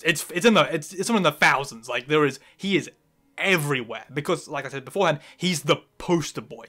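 Enthusiastic bright-voiced man rambling eagerly. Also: on the high side. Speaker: guest. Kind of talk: casual recorded discussion.

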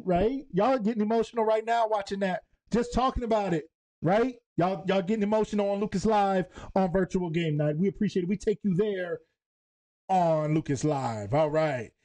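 High-pitched guy hosting a live game night stream, chatty and animated, reading questions and shouting out people in the chat. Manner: animated, chatty, giving shout-outs to viewers.

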